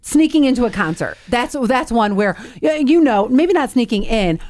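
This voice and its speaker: A middle-aged woman co-hosting a casual talk show, chatty and confessional, quick to laugh. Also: on the high side, sing-song, darkish tone. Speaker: co-host. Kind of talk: casual chat.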